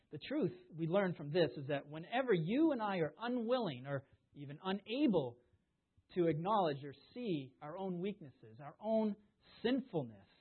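A man preaching in a slightly high, husky voice, leaning hard on key words and then sinking almost to a murmur. The sound is thin and tinny, like a phone line. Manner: emphatic, swings from loud stresses to hushed asides. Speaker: pastor. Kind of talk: sermon.

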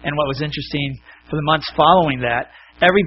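A man's voice: on the high side, fast talker, lo-fi sound. A man preaching a sermon, telling a story and acting out its voices before drawing the lesson. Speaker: pastor.

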